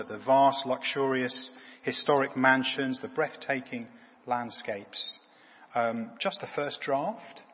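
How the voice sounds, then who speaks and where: A man delivers a sermon in a slightly husky voice, halting and repeating words before sinking into a quiet, low tone. His voice carries the long echo of a large hall. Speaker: preacher.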